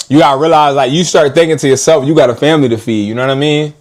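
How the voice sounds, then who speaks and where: A man ranting casually to his live stream viewers in an animated, slangy way, often laughing. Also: a little high, racing, hardly any pauses.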